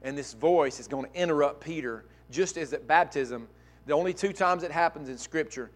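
A male pastor preaching a sermon, dropping to quiet asides and climbing to loud, emphatic peaks. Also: moderate pace. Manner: swings from soft asides to loud, high-pitched emphatic preaching.

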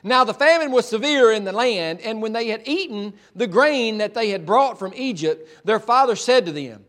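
A man preaching with a notably high voice. He tells the scripture story in a folksy, chatty manner, often restarting his sentences as he goes. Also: lively intonation, normal speed, fairly bright tone. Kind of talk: sermon, retelling scripture.

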